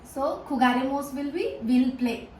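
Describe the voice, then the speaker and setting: Her high-pitched, slightly mellow voice has lively intonation and a normal pace as she teaches Spanish grammar, repeating every word several times and often restarting or using fillers. She is a native Hindi speaker, and the echoey room carries faint background noise.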